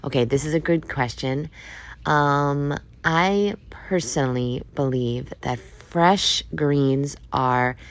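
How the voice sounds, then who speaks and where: A woman hosts a casual solo podcast in a very low voice, deeper than usual because she has just woken up. She speaks in an upbeat, encouraging way and keeps checking in with "okay?" and "all right?". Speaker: podcast host.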